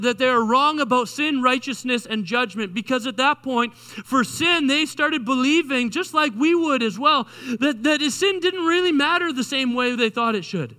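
Male pastor, sermon, bright and sharp tone, animated delivery with restarts, reverberant hall. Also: very high voice. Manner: animated, repeats and restarts words.

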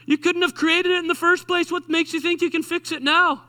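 A man voicing a patient, gently mocking Jesus inside a sermon. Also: extremely high pitch, fairly even intonation, fairly quick, big-room sound, pitched above the performer's own voice. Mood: wry. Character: patient wry male Jesus, teasing.

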